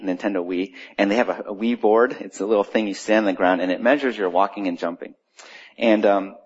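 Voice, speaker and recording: A middle-aged man preaching in church, opening with a quiet prayer, then telling a story in a conversational, animated way. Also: on the low side, husky. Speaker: pastor. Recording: dull lo-fi church recording.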